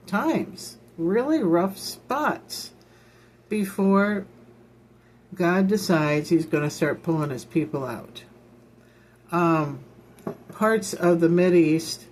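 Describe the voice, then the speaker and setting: Slow, folksy woman minister. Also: fairly low pitch, a little mellow, a little hiss or hum. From Illinois, United States. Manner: rambling, repeats herself, folksy asides. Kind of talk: informal ministry talk.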